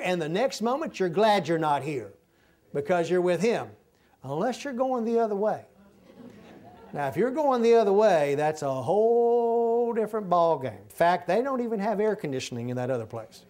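Pastor guy, fairly high voice, folksy funny sermon, middle-aged. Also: darkish tone. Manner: folksy storytelling with humor.

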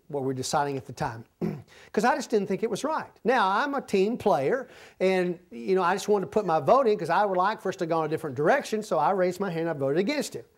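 A man preaching a sermon, telling folksy stories with asides and acting out quotes. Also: sits high.

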